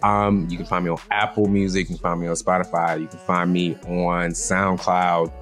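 A man with a Southern US accent talks easily as a guest in a casual interview. His voice sits fairly low, and he keeps laughing at himself. Soft music plays faintly underneath. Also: little pitch movement, normal speed. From Southern United States. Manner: giggly, self-deprecating, breaks into laughter often.

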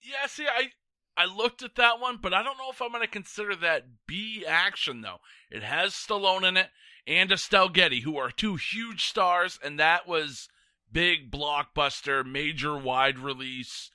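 A man's voice: high-pitched, a little slow, pushed and bright, no echo, studio quality. A man competing on a retro game show podcast, explaining his picks in an easygoing way. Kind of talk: casual podcast banter.

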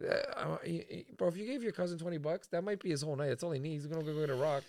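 A man from Canada co-hosting a casual podcast, telling stories in a lively way and swearing freely. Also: fairly high pitch, rapid-fire, no echo, clean studio sound. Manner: storytelling, animated, swears freely. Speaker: podcast co-host.

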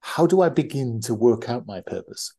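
A man's voice: mid-range voice, expressive, normal speed, creaky, warm tone, breathy edge. A man hosting a podcast interview, asking thoughtful, wordy questions. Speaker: podcast host.

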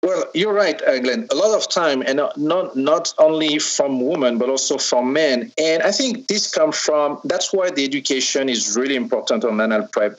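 A French-accented man with a fairly high voice, a sex toy maker appearing as a podcast guest, hesitantly explains his subject in a casual interview. He often restarts and repeats words, and the audio quality is poor.

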